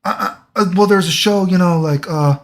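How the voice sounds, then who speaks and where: A man voicing a flustered woman office worker who stammers, fills every pause and keeps backpedaling. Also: sits high, pitched above the performer's own voice. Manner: stammering, filler-heavy, evasive.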